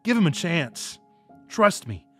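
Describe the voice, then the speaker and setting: A loyal male friend who calmly reassures and encourages, as a man reads him out. The delivery still rises and falls a lot, with a slightly high pitch. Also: slow, husky, soft background music, full character voice. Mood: reassuring.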